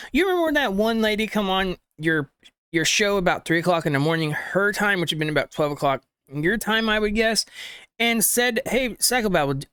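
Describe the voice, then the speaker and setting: A man's voice: high-pitched, a bit bright, clear, resonant tone, no echo, clean studio sound. A man hosting a reaction video who scolds the clip's speaker with rhetorical questions and informal grammar. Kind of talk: reaction commentary.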